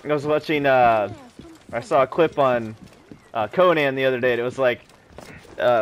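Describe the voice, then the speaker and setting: A man's voice: medium pitch, lively intonation, fairly quick. A man casually commenting while playing a game, joking and rambling between tasks. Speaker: let's play host.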